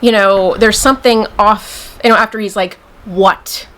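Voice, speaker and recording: A woman's voice: mid-range voice, steady tone, moderate pace, a bit bright. A woman co-hosting a casual podcast, recapping a TV episode and acting out lines from its scenes. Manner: chatty, acts out scenes in quoted voices. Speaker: podcast co-host.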